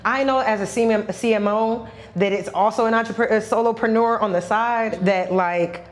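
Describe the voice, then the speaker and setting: A woman's voice: a little high, steady tone, moderate pace. A woman who works in marketing and runs her own business, explaining her reasoning thoughtfully in a casual chat. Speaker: marketing officer and entrepreneur.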